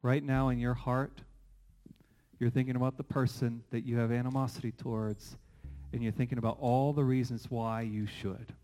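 A middle-aged male pastor delivers a sermon with lively, animated energy. He leans on rhetorical questions and quick asides, and his pitch sits at an ordinary middle register for a man. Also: low-quality recording.

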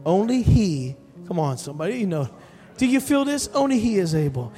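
High-voiced animated preacher man. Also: brisk. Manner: animated, emphatic, calls out to the congregation. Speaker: pastor. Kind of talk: storytelling sermon. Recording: long hall reverb with soft music behind.

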